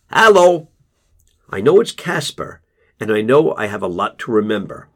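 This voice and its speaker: A male narrator reading a first-person memoir, measured and restrained. His delivery is slow and unhurried, and his voice is slightly husky. The pitch moves with lively variation. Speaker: audiobook narrator.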